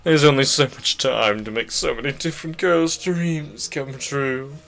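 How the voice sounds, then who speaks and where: A man's voice: medium pitch, measured pace, vocal fry, a bit bright. A man voicing a smarmy, cocky teenage boy while reading a visual novel aloud, smug and drawn out.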